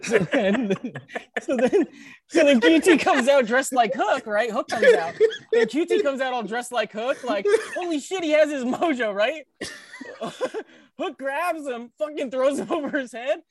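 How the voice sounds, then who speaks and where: A man's voice: very high-pitched, animated, measured pace, slight background noise. A man co-hosting a podcast in casual chat, rambling through a crude, profane story and often cracking up laughing. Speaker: podcast co-host.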